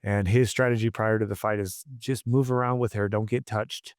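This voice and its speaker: Blunt, low-voiced man telling fight stories. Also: little pitch movement, moderate pace, dry recording, clean studio sound. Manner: blunt, profane, frequent restarts. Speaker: combat sports coach, guest. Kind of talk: casual storytelling interview.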